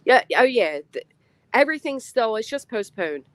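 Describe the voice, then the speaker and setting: A woman's voice: fairly high pitch, big pitch swings, normal speed, no room sound. Chatty woman greeting her stream viewers. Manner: chatty, greets viewers by name, laughs often. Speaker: livestream host. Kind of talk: casual live-chat commentary.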